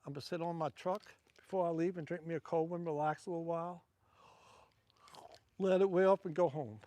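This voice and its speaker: A man with a Louisiana drawl talks to his livestream viewers while he fishes off a wharf at night. His voice sits a little high for a man, and he rambles loosely from one thought to the next. The sound is dry and close, with no room echo. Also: steady tone, fairly quick, dark tone. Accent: Southern US (Louisiana). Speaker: fishing livestreamer. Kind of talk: casual livestream chat while fishing.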